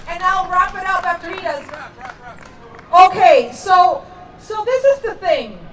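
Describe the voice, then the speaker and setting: A woman's voice: very high-pitched, animated, measured pace, a faint crowd. A woman giving an impassioned, emphatic speech at an outdoor rally. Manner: impassioned, emphatic, rising to shouts. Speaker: rally speaker. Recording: distant and echoey outdoors.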